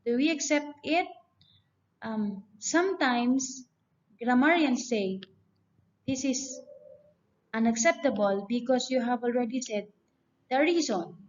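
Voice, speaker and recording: A teacher with a fairly high, expressive voice gives a grammar lecture, working through it step by step and reading example sentences aloud. She speaks slowly, with long pauses. The lo-fi recording sounds dull.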